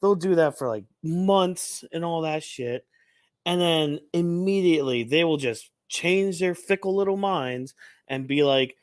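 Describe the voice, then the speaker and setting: A man co-hosting a casual review podcast, swearing freely and mocking crowds with loud put-on voices. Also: fairly high pitch, a little slow, dry recording, clean studio sound. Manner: profane, animated, mocks crowds in shouted put-on voices. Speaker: podcast co-host.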